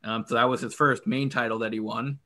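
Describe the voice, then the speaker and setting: Bright-voiced man recapping events. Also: mid-range voice, a little fast. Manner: steady recounting, many "uh" fillers. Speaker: podcast host reading career history. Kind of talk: casual recap.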